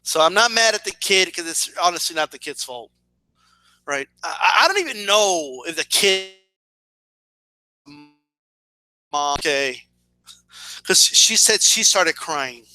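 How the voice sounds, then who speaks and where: A man with a high, very bright voice rants to his camera, sarcastic and swearing freely. He stumbles and repeats himself as he builds steam. The sound is dry and close, with almost no room echo. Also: very animated, slow pace, pauses often. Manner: sarcastic, profane, repeats words when worked up. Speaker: boxing and wrestling commentator. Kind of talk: casual video rant.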